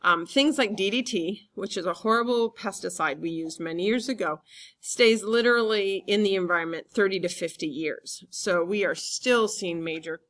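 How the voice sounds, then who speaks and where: A woman teacher giving a relaxed classroom lecture, chatty and full of fillers. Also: mid-range voice, normal speed.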